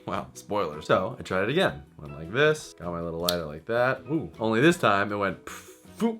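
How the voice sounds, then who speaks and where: Animated joking young man vlogger. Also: lowish voice, normal speed, faint music behind. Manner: animated, self-mocking, jokey asides. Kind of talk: comedic storytelling to camera.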